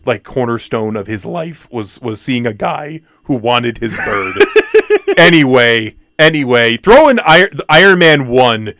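A man's voice: mid-range voice, very animated, a little slow, sharp tone, no echo, studio quality. A man co-hosting a movie podcast, talking casually with jokes and self-mockery. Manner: joking, self-mocking, trails off. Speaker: podcast co-host. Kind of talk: casual chat.

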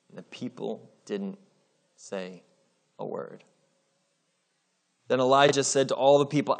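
A man preaching, reading scripture aloud with expressive storytelling and casual asides. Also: mid-range voice, a little slow, pauses often. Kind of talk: Bible reading with commentary.

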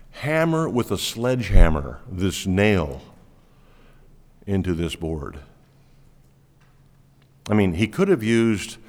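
A man preaching a sermon to a congregation, swinging between loud, rising appeals and quiet, low asides. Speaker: pastor. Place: church sanctuary. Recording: long reverb of a large hall.

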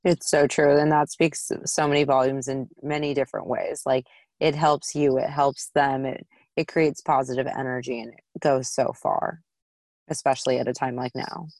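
A woman's voice: rumbling low, flat delivery, normal speed, darkish tone, dry recording. A woman guest on a podcast, chatting in an earnest, talkative way. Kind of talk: casual chat.

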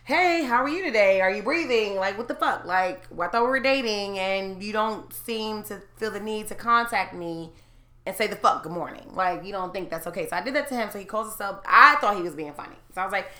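A brash woman in her thirties tells a story to friends in a casual group chat, talking a little fast, loud and swearing freely. Her voice is bright and forceful, and the room echoes around her. She starts low and calm but climbs to near-shouting when she gets heated.

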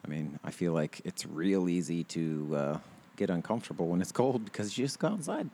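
Man, 30s, very low voice, loose rambling podcast host full of filler words. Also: animated, brisk, mellow, husky. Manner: rambling, heavy on fillers and restarts, laughs often. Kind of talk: casual chat. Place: outdoors.

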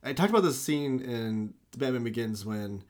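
A man's voice: medium pitch, lively intonation, moderate pace. A man co-hosting a casual podcast, enthusiastically discussing a film and acting out its scenes. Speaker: podcast co-host.

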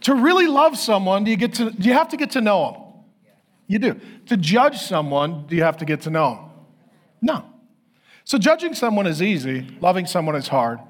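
Pastor in his fifties, unusually high-pitched male voice, storytelling sermon with comic asides and acted-out quotes. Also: fairly quick. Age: 50s. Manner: animated, self-deprecating storytelling with acted quotes.

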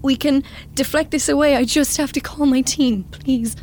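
A woman narrating and playing a desperate, guilt-ridden young woman in a radio drama, speaking in hushed, fragmented phrases that often drop to a whisper. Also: sits high, fairly even intonation, normal speed, a little hiss or hum. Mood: pleading. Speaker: writer-performer and narrator.

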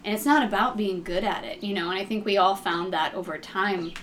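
A woman from Ohio speaks in casual group chat, rambling and emphatic, with plenty of fillers. Her voice sits mid-range in pitch. Faint room ambience runs underneath. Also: brisk, fairly bright tone, a little hiss or hum. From Ohio, USA.

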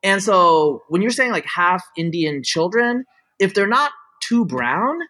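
The voice sits high and is very animated yet a little slow, pushed and bright, captured on a low-quality recording. A middle-aged man in casual talk, he explains his opinions at length, repeatedly restarting and leaning on "like" and "you know."

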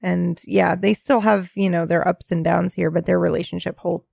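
A woman's voice: lowish voice, fairly even intonation, moderate pace, gravelly, a little mellow, no room sound, studio quality. A woman co-hosting a casual rewatch podcast, chatting and narrating scenes. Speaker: podcast co-host.

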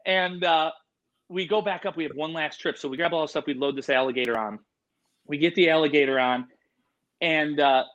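Man, casual rambling storyteller, higher voice, muffled lo-fi sound. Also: a bit bright. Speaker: animal entertainer guest.

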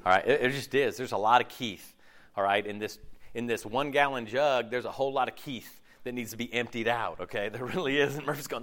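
A man's voice: medium pitch, expressive, fairly quick, fairly bright tone. A male pastor preaching a sermon in a casual, joking, slangy way.

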